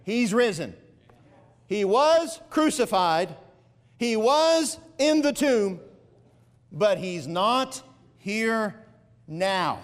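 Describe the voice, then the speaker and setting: A man's voice: high-pitched, very animated, extremely slow, pauses often, big-room sound. A man preaching an Easter sermon as pastor, stretching key phrases and building to emphatic peaks. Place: church sanctuary.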